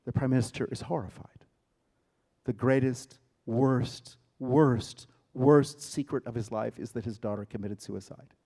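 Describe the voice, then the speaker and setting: A man's voice: medium pitch, steady tone, measured pace. Man dramatically retelling a story. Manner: dramatic, emphatic retelling with sudden loud bursts. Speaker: theater director giving a lecture. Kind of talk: storytelling lecture. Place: lecture hall.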